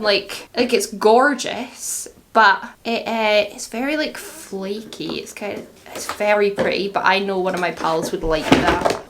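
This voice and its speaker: A woman's voice: mid-range voice, fairly bright tone, slight background noise. A young woman chatting casually through a vlog in her home beauty room, rambling and a little shaky. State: shaky and groggy after a long sleep. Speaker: beauty vlogger.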